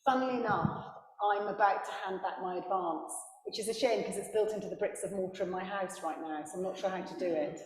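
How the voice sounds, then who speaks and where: A woman author speaking on a book festival panel, animated, with quick asides and laughter at her own stories. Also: medium pitch. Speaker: author and historian. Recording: echoey hall with long reverb.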